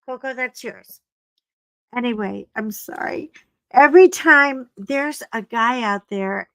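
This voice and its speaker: A chatty woman hosts a casual livestream from home, rambling between stories and stopping to coax her dogs. Her voice sits on the high side. The desk mic gives a dry, close sound with no room echo. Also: fairly bright tone. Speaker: livestream host. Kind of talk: casual livestream chat while coloring.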